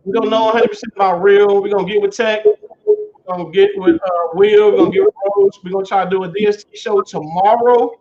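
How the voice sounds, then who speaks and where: Laid-back high-voiced man hosting a livestream. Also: expressive, fairly quick, darkish tone. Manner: loose, laughing, greets viewers by name. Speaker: livestream host. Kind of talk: casual livestream chat. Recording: dull lo-fi stream audio.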